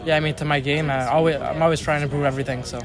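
Young French Canadian man, fast and flat. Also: fairly high pitch. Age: young adult. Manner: short, modest answers. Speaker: hockey player interviewed. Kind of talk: post-game interview. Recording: crowd noise outdoors.

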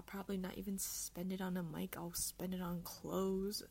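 A woman's voice: fairly low pitch, level tone, normal speed, few pauses, a little mellow, a little hiss or hum. A young woman hosting her own podcast alone, chatting casually in a bubbly, rambling, self-deprecating way, recorded on an earphone mic. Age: young adult. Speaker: podcast host. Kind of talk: casual solo chat.

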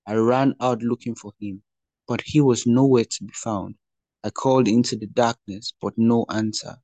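A man reading the part of a longing young woman lover in a slow, earnest scripture reading. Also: fairly low pitch, darkish tone, no echo.

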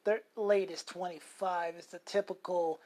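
A man's voice: sits high, steady tone, moderate pace, a little mellow. A man co-hosting a podcast, telling a long personal story in casual chat, rambling and profane with many restarts. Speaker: podcast co-host.

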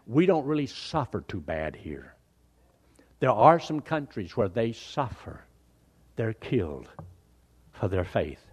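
Older man, folksy animated sermon, low-pitched voice. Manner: folksy, animated preaching with rising emphasis. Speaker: preacher.

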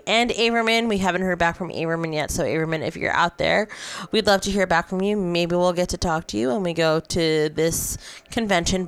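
Chatty woman with a smooth low voice. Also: a bit bright. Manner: rambling, chatty, lots of fillers and restarts. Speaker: podcast host. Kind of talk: casual chat.

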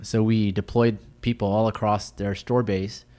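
A man who is a business consultant, telling work stories in a relaxed, casual way with many fillers. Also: fairly low pitch, measured pace. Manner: relaxed storyteller, many "you know" fillers. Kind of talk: casual interview chat.

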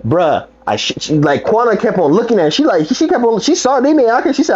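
A young man co-hosting a podcast in casual chat, telling animated stories and acting out quotes. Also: fast talker, hardly any pauses, husky. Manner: animated storytelling, acts out quotes with big pitch jumps and laughs. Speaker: podcast co-host. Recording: slightly muffled, lo-fi sound.

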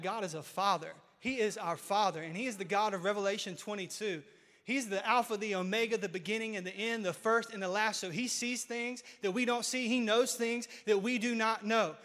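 A man in his thirties preaching a sermon as pastor, repeating key lines and building to loud, emphatic peaks. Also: high voice. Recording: hall reverb.

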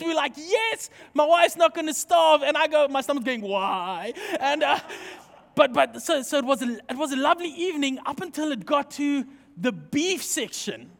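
A man preaches to his congregation, moving from scripture and prayer into lively, joking personal stories. His voice sits unusually high for a man. The sound carries a long reverb from the hall he speaks in. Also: vocal fry. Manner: leads prayer, then tells lively anecdotes to the congregation. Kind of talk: sermon with humorous personal stories.

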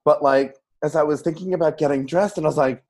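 A woman's voice: low-pitched, fast talker, mellow. A woman co-hosting a podcast in casual chat, bubbly and giggly, rambling between stories. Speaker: podcast co-host.

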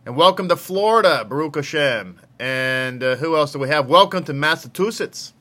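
A man's voice: mid-range voice, normal speed, bright, forceful tone. A man with a Texan accent, a rabbi casually greeting livestream viewers with joking asides. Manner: chatty, joking, calls out viewers.

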